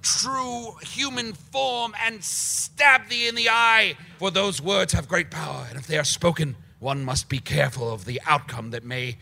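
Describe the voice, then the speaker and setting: A man's voice: high voice, unhurried, hardly any pauses, sharp tone, full character voice. A man playing a pompous, rambling aging wizard in improvised comedy, proclaiming grand titles and trailing off wearily. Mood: grandiose. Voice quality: gravelly, boastful.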